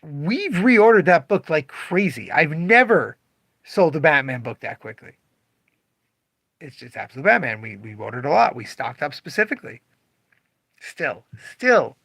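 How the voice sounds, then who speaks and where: A man's voice: on the high side, a little slow, creaky, no echo. A man who owns a comic shop, talking casually on a livestream and acting out customers' voices. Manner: animated, acts out customer voices.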